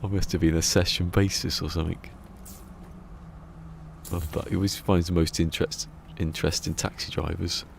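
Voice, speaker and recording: A man's voice: sits low, little pitch movement, normal speed, vocal fry, slight background noise. A man streaming a game, chatting casually and rambling through a story with chuckles. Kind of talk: casual live-stream chat.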